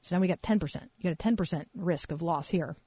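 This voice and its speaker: A woman's voice: fairly low pitch, quick pace, breathy edge, dry recording. A woman pastor tells a story in a loose, conversational sermon, with plenty of fillers. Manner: casual, animated storytelling with fillers.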